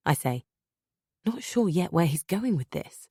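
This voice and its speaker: Low-voiced woman narrating an audiobook. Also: very animated, measured pace, dark tone, slightly rough, dry recording, studio quality. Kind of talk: first-person audiobook narration.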